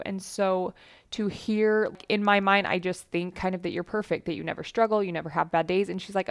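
A woman's voice: fairly low pitch, steady tone, a little fast, vocal fry, no echo, clean studio sound. A woman hosting a podcast, telling personal stories to listeners in an earnest, chatty way and voicing the people she quotes. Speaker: podcast host.

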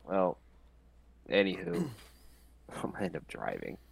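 A man's voice: low-pitched, wildly swooping pitch, slow, gravelly, slightly rough. A man in his late twenties co-hosting a podcast, chatting in an easygoing, rambling way. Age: 20s. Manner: easygoing, rambling, self-mocking. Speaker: podcast co-host. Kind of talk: casual chat between friends.

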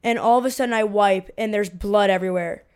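A woman in her twenties co-hosting a podcast and telling a story in a casual, animated way, swearing freely and acting out quotes. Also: medium pitch, fast talker, clean tone. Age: 20s. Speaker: podcast co-host.

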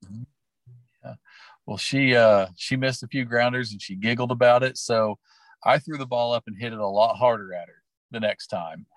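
In a rough, dry recording, a middle-aged man from Oklahoma, USA, who works as a teacher and sports coach, tells personal stories during an interview. His medium-pitched voice moves at a moderate pace, earnest, heartfelt and rambling.

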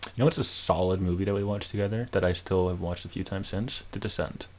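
A man's voice: sits low, fairly even intonation, fast talker, a little mellow. A young man co-hosting a podcast in casual chat, reacting with swears and jokes. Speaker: podcast co-host.

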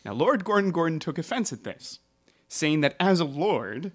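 A man's voice: fairly high pitch, big pitch swings, normal speed. A man hosting a casual podcast, telling a history story with jokes and asides.

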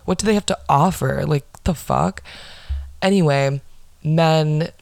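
A woman's voice: deep voice, measured pace, gravelly, a little mellow, dry recording, clean studio sound. A young woman hosting a podcast, telling stories in a blunt, sarcastic and profane casual monologue. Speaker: podcast host.

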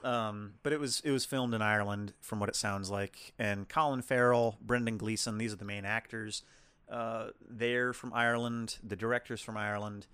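A man's voice: on the low side, steady tone, moderate pace, a bit bright, smooth, no echo. Rambling man reviewing a film, dry mic. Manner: rambling, restarts sentences. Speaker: podcast co-host. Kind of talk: casual film review chat.

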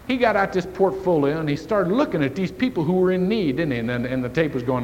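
A male pastor delivers a folksy, story-driven sermon, his voice a touch high and swinging widely in pitch. The recording carries the long reverb of a church sanctuary with a faint hiss underneath. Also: lively intonation, fast talker, hardly any pauses, darkish tone, dull audio. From Indiana.

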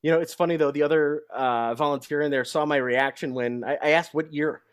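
Young man with a higher voice, chatty sports-show co-host, dry recording. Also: fairly even intonation, a little fast, clean tone, no room sound. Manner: chatty storyteller. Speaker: podcast co-host. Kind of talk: casual sports talk.

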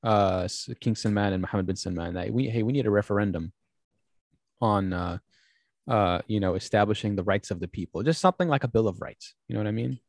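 Animated storytelling man, dry close sound. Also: on the low side, a little fast, no echo. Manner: animated storyteller, acts out quoted speech; many fillers and restarts. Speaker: podcast host. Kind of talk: casual podcast conversation.

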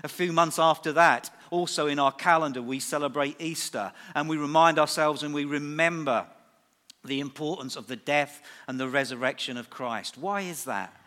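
A man's voice: a little high, normal speed, pushed and bright. A middle-aged man preaching a sermon at a church service, emphatic and repeating key phrases for weight. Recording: reverberant church hall.

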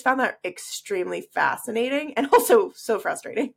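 A woman's voice: fairly high pitch, lively intonation, normal speed, creaky, few pauses. A woman co-hosting a podcast with a nasal voice, chatting casually and affirming her co-host. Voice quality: nasal today. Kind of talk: casual chat.

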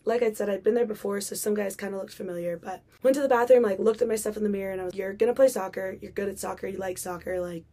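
Young woman podcaster storytelling, lots of "like", warm low-key voice, middle pitch. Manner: chatty, many "like" fillers, acts out quotes. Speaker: podcast host. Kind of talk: personal storytelling monologue.

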